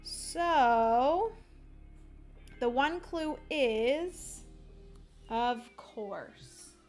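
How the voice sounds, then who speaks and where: A woman's voice: sits high, expressive, drawn-out words, a little mellow, soft background music. A young woman streamer chatting casually and giggling as she rambles through a livestream.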